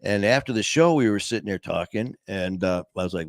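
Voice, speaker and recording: Low-voiced man telling a story, dry sound. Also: lively intonation, brisk, few pauses, dry recording. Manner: rambling, full of "you know" and restarts; acts out quoted dialogue. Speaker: podcast host. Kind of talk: casual conversational storytelling.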